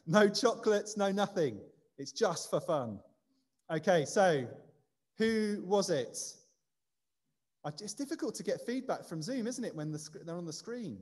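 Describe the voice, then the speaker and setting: A man's voice: on the high side, a little mellow. A man leading a light-hearted quiz in a church service, chatty and self-deprecating. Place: church building. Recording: long reverb of a church hall.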